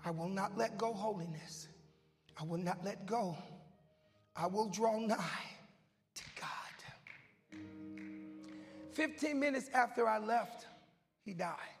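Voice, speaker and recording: A man preaches with a very high, gravelly voice, loud and goofy as he tells a story. He drops to hushed whispers, then climbs to shouting. His voice rings out in a hall with a long echo, and faint music plays behind him. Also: slow, pauses often. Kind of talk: sermon.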